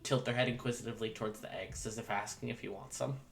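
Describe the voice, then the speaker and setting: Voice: medium pitch, steady tone, quick pace, creaky. A game master narrating a tabletop role-playing scene, hesitant and full of filler sounds.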